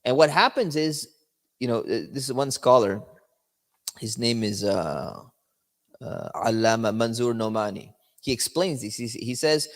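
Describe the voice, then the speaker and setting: Male religious teacher, conversational lecture style, middle pitch, long hall reverb. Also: lively intonation, a little slow. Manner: conversational, explaining with checks like "right?".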